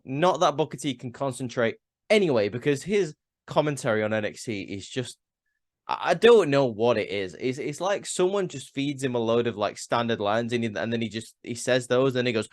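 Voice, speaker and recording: A man recapping a show in a loose, rambling way, heavy with "um"s and false starts. He speaks at an everyday middle pitch, and the sound is dry and close, with no room to it. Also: dry recording. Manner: rambling, frequent "um" and restarts, opinionated. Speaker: wrestling show reviewer. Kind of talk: casual spoken review.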